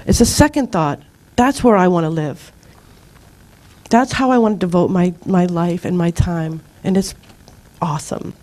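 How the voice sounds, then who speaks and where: A middle-aged woman leads a spiritual group, speaking earnestly and informally at a moderate pace in a fairly low voice. As she tells stories, she animatedly acts out her own outbursts.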